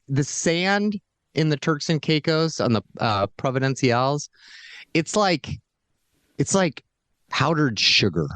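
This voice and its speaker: Man cohost, rambling storyteller, lively swooping pitch, dry close sound. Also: no echo. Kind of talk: casual chat.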